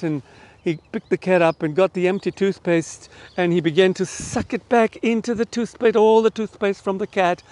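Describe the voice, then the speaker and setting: A middle-aged man with an Australian accent tells a children's story in an online church service. His delivery is lively and animated, speaking straight to the children. His voice sits high for a man. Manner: lively, animated storytelling, warm direct address.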